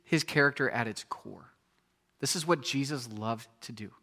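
A man in his thirties preaching a sermon in a conversational, animated storytelling way, often repeating his words. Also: medium pitch.

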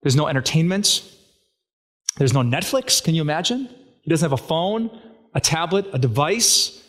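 A man's voice: fairly high pitch, animated, moderate pace, a bit bright. A man preaching a sermon as a pastor, talking in a casual, conversational way and asking his listeners rhetorical questions.

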